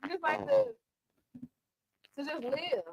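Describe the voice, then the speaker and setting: A woman's voice: high-pitched, very animated, takes it slowly, darkish tone, highs cut off. A woman chef hosting a casual cooking show, chatting playfully and teasing her guests while she cooks. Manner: playful, teasing, Southern-style slang. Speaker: chef and podcast host.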